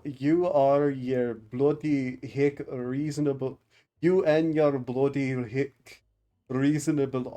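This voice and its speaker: A scornful, hard-drinking craftsman played by a man barks insults at the wealthy in a rough put-on accent. The voice is dark and mellow, and the delivery is slow and weighty. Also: mid-range voice, natural voice.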